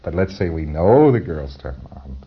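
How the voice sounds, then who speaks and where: A man's voice: very deep voice, very animated, a little fast, vocal fry, husky, dull audio. A man giving a recorded training lecture in a wry, conversational way, acting out little exchanges and chuckling at his own points.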